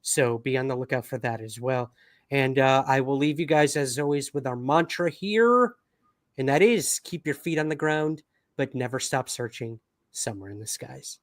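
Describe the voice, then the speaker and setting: A man hosting a livestream wrap-up, chatting in an upbeat and casual way with plenty of "um"s. His voice sits at an ordinary middle pitch and sounds dry and close, with no room echo. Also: normal speed. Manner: upbeat, chatty, many fillers. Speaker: podcast host.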